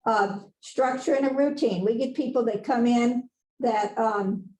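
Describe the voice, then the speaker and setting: Woman, nurse educator, casual folksy lecturer, higher voice, echoey room sound. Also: unhurried, a little mellow. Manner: chatty, folksy, laughs at her own asides. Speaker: nurse educator presenting on dementia care. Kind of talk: conversational webinar lecture.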